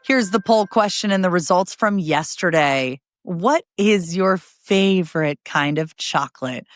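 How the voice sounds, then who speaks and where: A woman hosting a news podcast, reading headlines briskly and adding chatty asides between stories. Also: fairly low pitch, lively intonation, soft background music.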